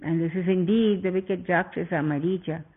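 A man's voice: high voice, fairly even intonation, normal speed, slightly rough. Man as a grave heroic prince. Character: heroic prince, grim realization. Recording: tinny phone-like sound.

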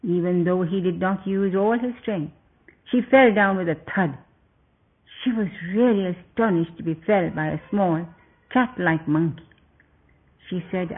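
A man narrating a story in a steady, descriptive reading with occasional slips, over a tinny phone-like recording. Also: high-pitched, unhurried.

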